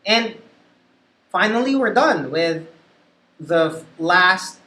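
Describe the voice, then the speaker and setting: A woman, a call center trainer, leading a pronunciation drill and reading words one by one, slowly and deliberately. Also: fairly low pitch, expressive, pushed and bright. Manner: slow, deliberate word-by-word reading. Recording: echoey room.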